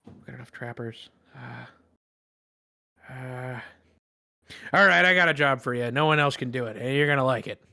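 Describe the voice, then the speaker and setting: A man's voice: mid-range voice, moderate pace, vocal fry, pauses often, sharp tone, no echo. A man voicing a jolly, chubby male pirate first mate who talks cheerily and brags. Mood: brisk. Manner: cheery, chatty, boastful.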